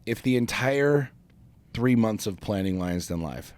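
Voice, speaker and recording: A man with a very low voice tells a story in a loose, casual podcast chat. He speaks with heavy emphasis and swears freely, restarting his sentences as he builds to each point. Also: expressive, a little slow, a little mellow. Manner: emphatic, profane, frequent restarts. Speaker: podcast co-host.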